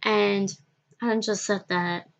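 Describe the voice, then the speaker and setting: A woman tells a personal story to her vlog audience, circling back and restarting her sentences as she goes. She talks slowly, at a middling pitch. The recording sounds dull and lo-fi. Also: fairly even intonation, creaky. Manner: halting, repetitive, restarts often. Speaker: vlogger.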